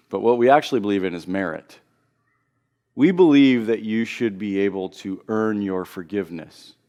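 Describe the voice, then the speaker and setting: Earnest male pastor preaching. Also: on the low side. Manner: earnest, repeats and restarts phrases, builds to loud emphasis. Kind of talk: sermon.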